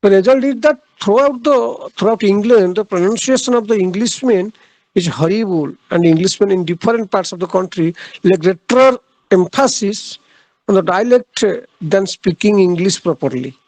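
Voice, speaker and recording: A man lectures on literature in a high-pitched voice with a rough, gravelly edge. He works through his points haltingly, filling gaps with "uh" and restating each idea. The sound is close and dry, with no room echo. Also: a little mellow. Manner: halting, repeats key phrases, frequent "uh" pauses. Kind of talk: classroom lecture.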